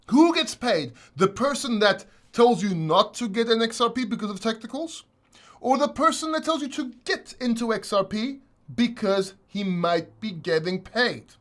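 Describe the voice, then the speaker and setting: A high-pitched man rants at his livestream viewers, exasperated and swearing freely. He is a crypto host answering questions from the chat. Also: fairly bright tone.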